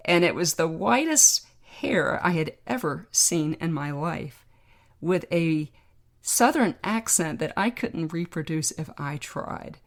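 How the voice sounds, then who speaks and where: A woman, a podcast guest, telling a personal story in a reflective, heartfelt, measured way. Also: low-pitched, animated.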